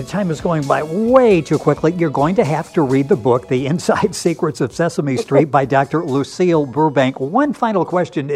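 A man's voice: a little high, a little mellow. A man hosting a radio talk show, interviewing an author in a friendly, conversational way.

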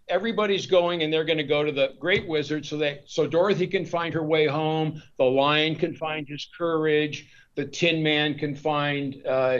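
Guest: a man with a slightly high voice who rambles and restarts mid-thought, heard through a muffled low-fidelity recording. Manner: rambling, with frequent restarts and repeated words. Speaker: guest author. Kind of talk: discursive interview talk.

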